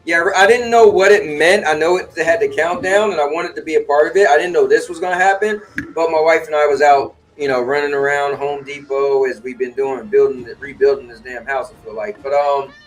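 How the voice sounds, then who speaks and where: A man co-hosting a casual gaming podcast, relaxed and joking, with a bit of playful bragging. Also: a little high, brisk, low-quality recording. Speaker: podcast co-host.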